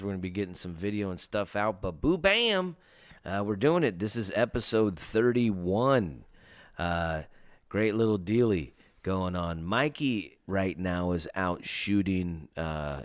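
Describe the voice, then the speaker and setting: With a low, smooth voice and no room sound, a man hosts a casual podcast. His talk is loose and rambling, packed with hesitations, fillers and restarts.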